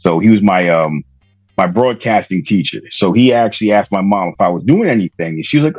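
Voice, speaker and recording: A man's voice: on the low side, fairly quick, no echo. Man on a tinny phone-like line. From Rhode Island. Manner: relaxed, rambling with many fillers and restarts. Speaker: podcaster guest. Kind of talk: casual interview storytelling.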